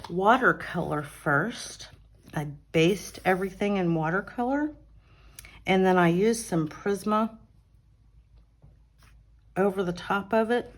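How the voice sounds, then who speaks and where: A woman hosting an adult coloring channel, chatting casually through her finished pages, relaxed, with fillers and self-corrections, recorded on a phone at home. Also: fairly low pitch, slow pace, pauses often. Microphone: phone on an arm mount.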